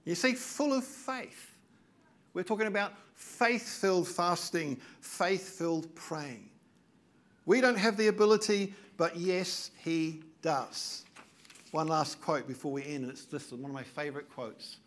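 Older guy preaching, pretty high voice, earnest, hammers the same lines over and over. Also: a little slow, a bit bright. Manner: earnest, emphatic preaching with repeated phrases. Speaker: pastor. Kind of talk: sermon.

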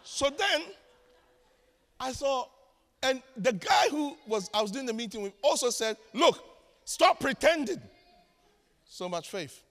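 A man with a high, lively voice tells a healing story from the pulpit, jumping between quiet asides and loud bursts of prayer. His voice rings with long reverb, as in a large hall. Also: unhurried. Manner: animated storytelling with laughs and shouted prayer. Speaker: preacher. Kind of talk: testimony sermon.

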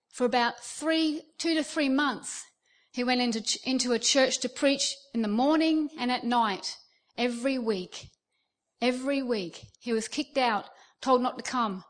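A middle-aged Australian woman with a high voice delivers a sermon. She tells stories with energy and slips into the voices of the people she describes. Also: a little slow. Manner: animated storytelling, acting out quoted voices. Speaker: preacher.

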